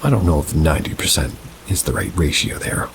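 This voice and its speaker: A man reading first-person paranormal stories aloud in a measured, unhurried storytelling manner. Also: rumbling low, lively intonation, creaky, background noise. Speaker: narrator.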